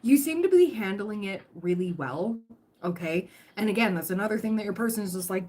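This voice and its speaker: A woman's voice: mid-range voice, expressive, fairly quick, mellow. A woman giving a chatty, reassuring tarot reading on a livestream, full of fillers and restarts, her throat dry and catching. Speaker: tarot reader.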